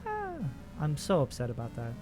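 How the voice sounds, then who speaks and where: A man's voice: on the high side, lively intonation, normal speed, music in the background. A man in his twenties giving casual, profane, rambling commentary while playing a video game. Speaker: let's play host.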